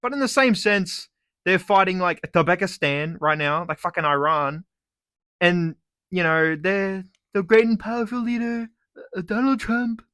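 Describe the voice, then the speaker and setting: A man's voice: high-pitched, measured pace, dry recording, studio quality. A young Australian man ranting on his vlog, swearing freely and mocking with sarcasm. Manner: profane, sarcastic, animated ranting. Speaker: YouTuber.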